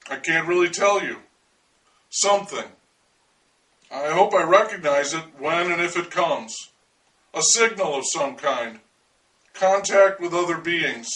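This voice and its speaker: A man's voice: a little high, sharp tone, distant mic, exaggerated voice, low-quality recording. Man playing a wry, eccentric alien-listener. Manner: wry, confiding, deliberate monologue to the listener. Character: earnest eccentric man devoted to hearing aliens.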